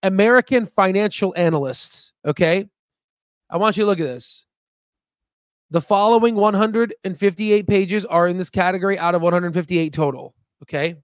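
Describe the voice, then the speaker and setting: High-voiced, emphatic stock market host. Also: male voice, no echo, studio quality. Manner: rambling, repetitive, emphatic; self-promoting, excitable. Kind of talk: casual screen-share commentary.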